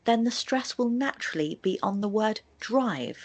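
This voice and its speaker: A woman's voice: medium pitch, animated, normal speed. A woman presenting a scripted video lesson on sentence stress, explaining with spoken examples. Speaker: English tutor in a video.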